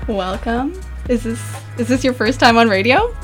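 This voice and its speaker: A woman's voice: a little high, very animated, unhurried, faint music behind. A bubbly, upbeat woman, hosting a casual radio show from a studio microphone. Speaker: radio host. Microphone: studio microphone with headphones.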